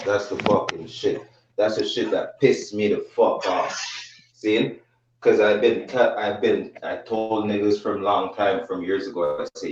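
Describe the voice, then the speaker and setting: A man's voice: mid-range voice, unhurried, darkish tone. A man on a livestream panel, talking in an indignant, profane and emphatic way. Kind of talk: heated livestream chat. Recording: distant, roomy, muffled mic.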